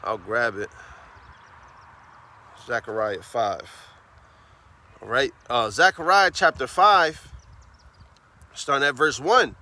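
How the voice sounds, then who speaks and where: A man preaching on the street, fervent, tagging phrases with "man" and "all right?" and reading scripture slowly and emphatically. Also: medium pitch, pushed and bright, no room sound. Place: outdoors on a city street.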